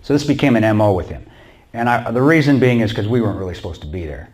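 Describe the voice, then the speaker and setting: Low-voiced man telling a war story. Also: quick pace. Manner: animated, acts out quoted dialogue, laughs often. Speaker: guest speaker. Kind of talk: storytelling talk to an audience. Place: church.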